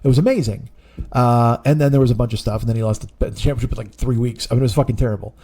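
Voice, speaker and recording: A man's voice: mid-range voice, rapid-fire, mellow. A man in his forties, a comedian hosting his own show, telling a long, rambling, profane story in a casual, exasperated way. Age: 40s. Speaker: comedian podcast host.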